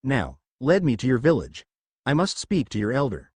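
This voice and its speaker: This man's husky voice swings hugely in pitch as he reads fan fiction at a normal pace, voicing a male storm dragon in slime form who boasts grandly amid booming theatrical laughter. There's no echo.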